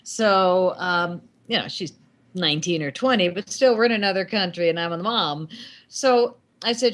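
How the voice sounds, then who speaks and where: A middle-aged woman, a guest filmmaker, telling animated anecdotes in casual talk and acting out the lines of the people in them. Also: fairly low pitch, moderate pace. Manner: animated anecdotes with acted quotes. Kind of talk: casual storytelling.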